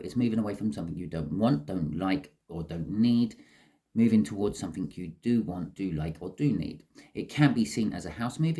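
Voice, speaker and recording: A man's voice: fairly low pitch, mellow. A man giving a casual, chatty tarot reading to camera, explaining each card as he goes. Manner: chatty, explains as he goes, says "okay" often. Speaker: tarot reader.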